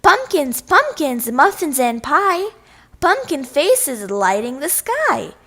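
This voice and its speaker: A woman voicing an excitable, bouncy young boy frog who talks loudly and eagerly. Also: extremely high pitch, very slow, pitched above the performer's own voice, heavily acted. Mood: sing-song. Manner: loud, eager, sing-song.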